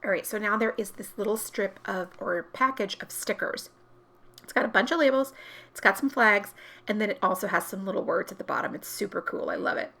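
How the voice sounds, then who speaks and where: A woman vlogger walks through a planner crafting project in a casual, chatty way, stopping to correct herself as she works. Her voice is bright and forward, with a gravelly, creaky texture. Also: medium pitch, expressive, fairly quick, a little hiss or hum.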